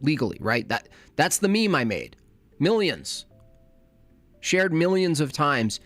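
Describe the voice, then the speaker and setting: A man's voice: fairly high pitch, big pitch swings, measured pace, a bit bright, no room sound, faint music behind. A man reacting to a clip, ranting with sarcastic questions. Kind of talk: casual reaction commentary.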